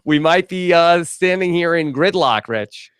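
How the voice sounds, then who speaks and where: A man's voice: fairly high pitch, expressive, unhurried, clear, resonant tone, no echo, studio quality. A man hosting a podcast, chatting casually and steering the talk with easygoing asides. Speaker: podcast host.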